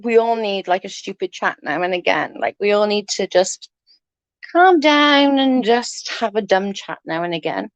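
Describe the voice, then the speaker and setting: A woman's voice: mid-range voice, animated, moderate pace, no room sound, dull audio. A middle-aged woman, chatting casually on a livestream and telling funny family stories, laughing often and swearing freely. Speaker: livestream host. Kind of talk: casual storytelling chat.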